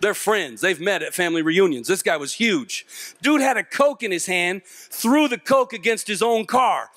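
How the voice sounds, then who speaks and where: A middle-aged man with a high voice speaks at a normal pace, recorded cleanly in a studio with no room sound. He is a motivational youth speaker giving a comedic talk to teenagers in a large auditorium full of young listeners. As an animated storyteller, he tells stories, jokes, and acts out the voices.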